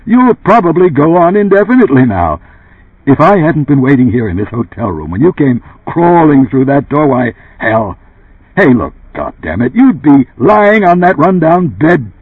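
A frantic, indignant boss, voiced by a male audiobook reader who pleads in loud, raised bursts. His voice is husky and swings widely in pitch. The sound is dry and thin, like a phone line. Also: very animated, a little slow, dry recording. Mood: insistent. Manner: heated, pleading outbursts. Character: agitated, indignant middle-aged male boss.

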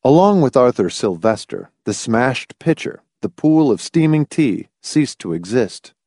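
A man narrating an audiobook with expressive, lively storytelling. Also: mid-range voice, unhurried, no room sound, studio quality.

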